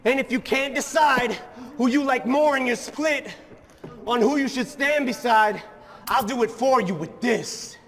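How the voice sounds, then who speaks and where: Man, rap verse, defiant rhythmic delivery, high voice, long hall reverb. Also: a little slow, a bit bright. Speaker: rapper.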